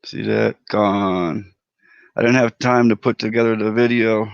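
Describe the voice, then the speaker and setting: Male livestream host, relaxed and chatty, heavy fry in a lowish voice, dry close sound. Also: fairly quick, no room sound. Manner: laid-back, chatty, greets viewers by name. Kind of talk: casual livestream chat. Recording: dry, dull lo-fi audio.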